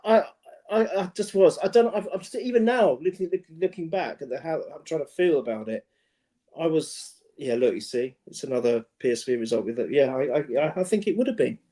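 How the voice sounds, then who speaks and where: A man co-hosting a casual football podcast, talking in an excitable, emphatic way. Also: fairly high pitch, fairly quick. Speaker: podcast co-host.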